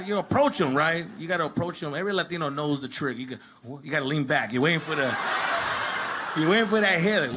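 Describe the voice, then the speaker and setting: A man acting out family stories on stage in a lively, animated stand-up set. His voice is high and swings widely in pitch. Clear room noise sits under the live mic. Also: fast. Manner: animated, acts out characters in yelling voices. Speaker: stand-up comedian.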